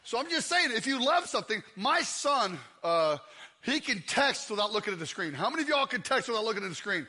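A man preaching a lively, joking sermon in a church, often shouting out to the crowd. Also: extremely high pitch, brisk. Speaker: guest preacher. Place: church sanctuary.

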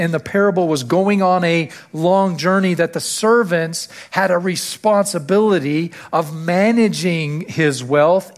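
A male pastor delivering a sermon to his church, repeating key phrases and lifting his voice to stress them. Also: high-pitched. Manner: preaching with rising emphasis on key phrases.

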